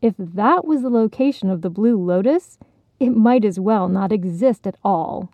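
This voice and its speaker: A woman narrating a children's storybook in a calm, measured way. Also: medium pitch, dry recording, narrow, tinny audio.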